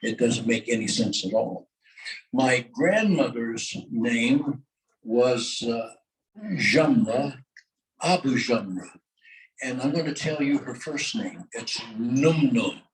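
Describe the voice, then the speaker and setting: A man's voice: medium pitch, animated, recorded from a distance, rough recording. Older man speaking off the mic. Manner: halting, with frequent filler sounds; engages the audience with questions and call-and-response. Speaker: guest speaker. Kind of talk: luncheon talk. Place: luncheon meeting room. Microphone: microphone held at a distance. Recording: voice heard from off the mic.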